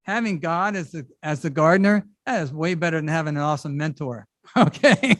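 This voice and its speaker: Middle-aged male pastor, high-pitched and conversational, animated sermon delivery, dry recording. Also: a little fast, dry recording. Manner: conversational and animated, with casual asides. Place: church service.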